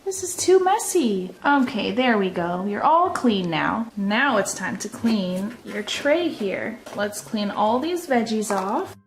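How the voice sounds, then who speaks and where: A woman narrating toy pretend play in a gentle, motherly, instructive way. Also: medium pitch, sing-song, slow pace, hardly any pauses.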